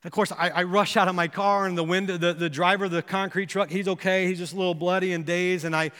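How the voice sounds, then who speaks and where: A pastor preaching a sermon, telling a personal story with earnest, building intensity that rises to impassioned pleas. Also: male voice, high-pitched, flat delivery, fast, a bit bright, clear, resonant tone. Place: church sanctuary. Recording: long reverb of a church hall.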